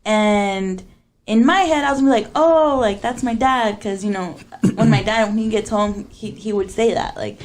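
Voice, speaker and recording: A young woman co-hosting a podcast, telling a story in a casual, animated way with lots of fillers and laughter. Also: a little high, moderate pace. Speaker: podcast co-host.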